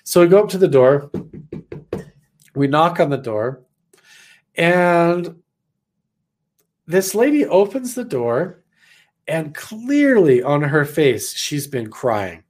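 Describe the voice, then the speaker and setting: A man's voice: fairly high pitch, slow pace, long pauses. Rambling man from Idaho telling a story. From Idaho, USA. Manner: animated, rambling, heavy on "like" fillers. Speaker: storyteller, former missionary. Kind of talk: casual personal storytelling.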